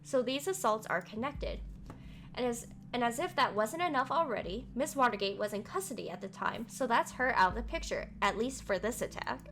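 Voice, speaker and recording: A woman streaming a game live, reading its text aloud and chatting back at the story in a lively, talkative way. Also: fairly high pitch, brisk, slight background noise.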